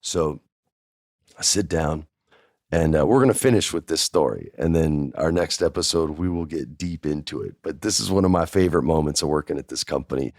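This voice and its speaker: A man's voice: a bass voice, a little fast, dry recording, clean studio sound. A man hosting a podcast, telling a casual first-person story in a chatty way and acting out the dialogue. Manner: chatty, acts out quoted dialogue. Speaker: podcast host.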